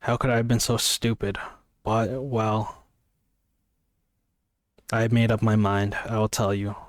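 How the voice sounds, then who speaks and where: A man's voice: on the low side, flat delivery, measured pace, no room sound. A man casually reading a novel aloud, stumbling and restarting now and then, with offhand asides. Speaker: amateur reader.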